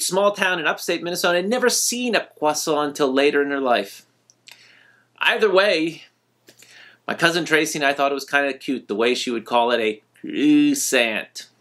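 A man hosting a vlog, telling a nostalgic personal story in a gentle, reflective way. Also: fairly high pitch. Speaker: vlog host.

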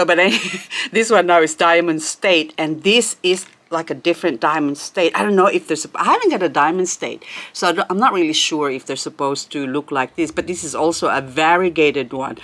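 Gushing, excitable woman showing off plants. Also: deep voice, normal speed. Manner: gushing, excitable, chatty, laughs often. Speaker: succulent channel host. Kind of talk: casual plant haul vlog.

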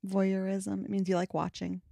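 A young adult woman chatting as a guest on a podcast, giggling often and slipping into a slow breathy reading voice. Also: medium pitch, monotone, mellow, dry recording, clean studio sound. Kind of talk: casual podcast chat.

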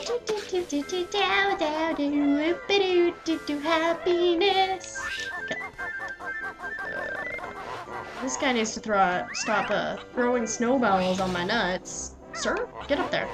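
A young adult woman giving chatty, excitable gameplay commentary and talking back to the game characters. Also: medium pitch, poor audio. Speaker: let's play gamer. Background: game music.

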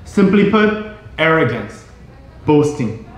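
A middle-aged male pastor preaching a sermon in a church, emphatic and repetitive, at times rising to shouts. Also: on the high side, very animated, takes it slowly. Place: church sanctuary. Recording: very echoey hall.

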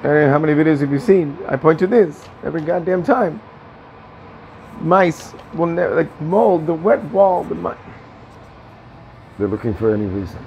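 A tenant vlogger with a gravelly, higher-than-average voice rages in a personal vlog from his apartment, sounding aggrieved, repeating himself and cursing frequently. He speaks at normal speed with lively intonation and frequent pauses, on lo-fi sound with a little background noise.

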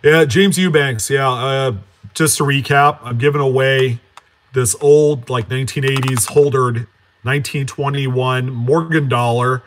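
A man hosting a coin collecting channel in a casual live-stream chat, greeting viewers by name and answering them in a relaxed, rambling way. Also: medium pitch, unhurried. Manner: chatty, reads out and answers viewer names; relaxed, with frequent fillers and self-corrections.

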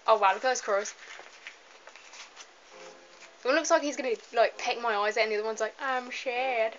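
At home, a young woman plays a video game and gives casual, rambling commentary as a let's play gamer, chatty and giggly with frequent asides. Her voice is a little high, a bit bright, and slightly fast. A camera mic catches her as she moves nearer and farther away, producing dull lo-fi audio with faint hiss.

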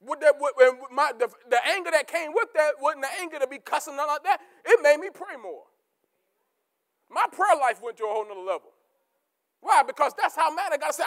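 A man preaching a sermon as pastor, repeating key words for emphasis and swinging between shouted peaks and low, quiet asides. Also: expressive, brisk. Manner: rising to shouts, then dropping to low asides.

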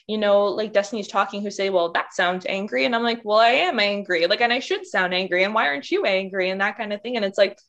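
Woman panelist, rapid speech, outspoken and passionate, dull lo-fi video call audio. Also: medium pitch. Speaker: workshop panelist. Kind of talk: candid panel discussion.

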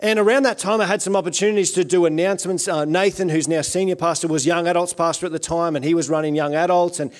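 A man's voice: high-pitched, fairly even intonation, quick pace, few pauses. An Australian man preaching as a guest pastor, telling his own story in an earnest, conversational way, with many fillers. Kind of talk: sermon with personal testimony. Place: church service.

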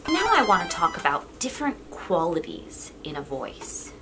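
Teaching an online drama lesson for kids, a woman plays and demonstrates, sliding between high and low in big pitch swings to show what a voice can do. She talks at a moderate pace over some background noise.

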